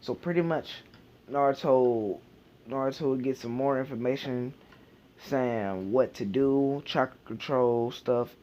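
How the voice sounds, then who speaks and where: Slow, rambling man telling a fan story. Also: mid-range voice, mellow. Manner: rambling, many fillers and restarts. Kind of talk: casual fan fiction idea retelling. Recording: dull lo-fi home recording.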